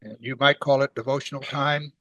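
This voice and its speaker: A man's voice: medium pitch, steady tone, brisk, fairly bright tone, dry recording, dull audio. A man teaching a weekly Bible study in a conversational way, asking his class rhetorical questions.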